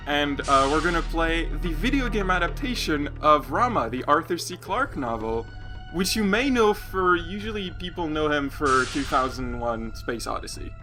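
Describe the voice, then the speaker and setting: Casual let's play host over game music. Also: medium pitch. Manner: casual, hesitant with fillers.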